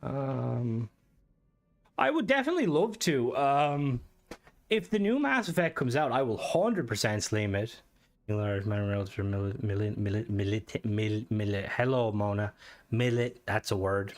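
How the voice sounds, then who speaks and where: Chatty Irish man with a lively voice. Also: medium pitch, moderate pace. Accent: Irish, softened. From Ireland. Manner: rambling, chatty, swears casually, greets viewers. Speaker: streamer. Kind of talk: casual livestream chat reading comments.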